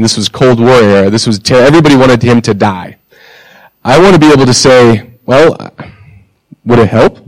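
A male pastor delivers a conversational sermon, leaning on rhetorical questions and deliberate pauses. His voice sits at an ordinary middle pitch. The sound is close and dry, with no room echo.

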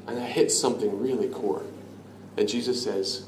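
A man preaching a sermon in an earnest, conversational way, dropping to a hush on key lines. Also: medium pitch, normal speed. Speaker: pastor. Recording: echoey room with faint ambient noise.

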